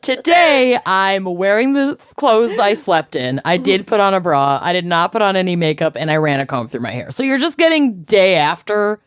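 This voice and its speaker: A woman's voice: mid-range voice, animated, moderate pace, few pauses, smooth, no room sound, clean studio sound. A woman co-hosting a podcast, chatting in a frank, joking way. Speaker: podcast co-host. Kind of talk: casual chat.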